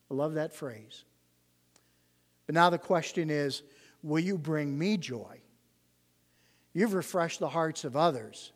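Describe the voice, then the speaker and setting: A man gives an earnest Bible study sermon, explaining scripture and leaning on key words. His voice sits a little high. A long reverb from a large hall trails each phrase. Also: takes it slowly, pauses often. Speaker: Bible teacher.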